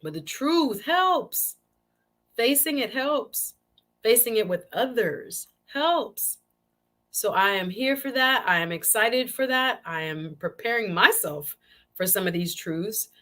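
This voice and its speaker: A woman's voice: a little high, animated, slow pace, a bit bright. A woman hosting her own live-stream talk show, chatting casually and animatedly with viewers and often repeating phrases. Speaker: show host.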